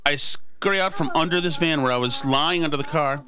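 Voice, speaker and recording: A man's voice: on the high side, brisk, pushed and bright. A man in his forties hosting a podcast who tells a story in a rambling, self-deprecating way. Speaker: podcast host. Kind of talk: casual storytelling chat.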